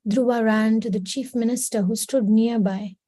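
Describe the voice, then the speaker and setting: Woman reading a storybook aloud, dark dry voice. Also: a little high, fairly even intonation, normal speed, no echo, rough recording. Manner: reads steadily, slips into brief quoted voices. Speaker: class reader.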